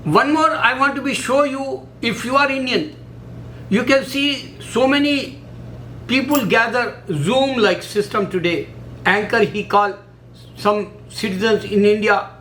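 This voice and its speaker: A man speaking halting, repetitive in a casual monologue, full of fillers. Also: very high-pitched, sharp tone, a little hiss or hum, poor audio. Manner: halting, repetitive non-native English with many fillers. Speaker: religious video maker.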